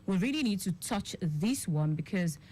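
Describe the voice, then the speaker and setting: A radio host with a Nigerian English accent asks her guest long, winding questions, pausing on fillers as she goes. Her voice sits low and mellow. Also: expressive, slightly rough. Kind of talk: radio health interview.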